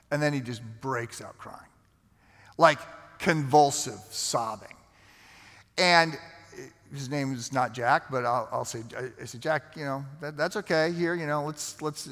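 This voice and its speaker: A male pastor telling a story in a conversational sermon, with halting restarts. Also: mid-range voice, fairly bright tone. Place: large church sanctuary. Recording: long hall reverb.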